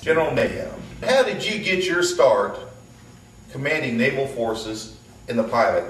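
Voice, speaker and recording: A man's voice: mid-range voice, big pitch swings, moderate pace, a bit bright. A man interviewer asking casual questions with dry jokes. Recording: echoey room, distant mic.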